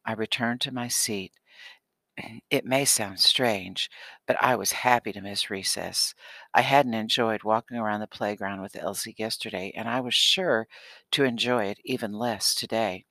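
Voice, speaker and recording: A man reads a children's novel aloud in a steady, expressive way. His voice sits low but sounds bright and forceful. The recording is close and dry, with no room sound. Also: a little slow, no echo. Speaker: audiobook narrator. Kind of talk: scripted audiobook narration.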